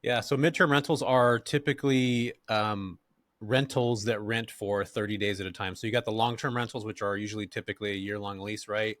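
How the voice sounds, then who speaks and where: A middle-aged man from California, a podcast guest who tells stories in a relaxed, slangy way and laughs often. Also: on the low side, brisk, no room sound. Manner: laid-back, slangy, animated, laughs often. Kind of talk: casual interview storytelling.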